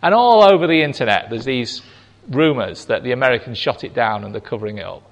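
A man preaching a sermon, slow and emphatic, acting out quoted lines with big swings in pitch. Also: animated, creaky, highs cut off. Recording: long hall reverb.

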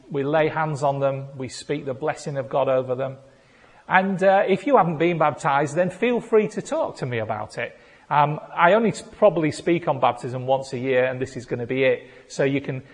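A male pastor, preaching a playful sermon that builds to shouted declarations. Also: mid-range voice. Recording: long hall reverb.

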